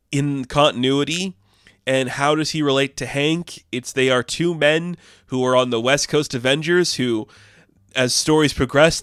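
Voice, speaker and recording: A man with a middle-pitched voice runs through a comic issue in a casual, chatty recap. His tone is smooth and resonant, and he keeps slipping into paraphrased quotes. The sound is dry and close, with no room around it. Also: a bit bright, no room sound. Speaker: comic book reviewer.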